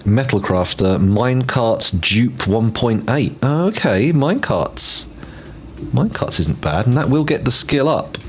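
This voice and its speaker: A man's voice: mid-range voice, sing-song, a little slow, slight background noise. A man streaming a game in casual commentary, rambling and joking to himself as he plans, speaking into a desk microphone. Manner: rambling, playful, mutters to himself while planning.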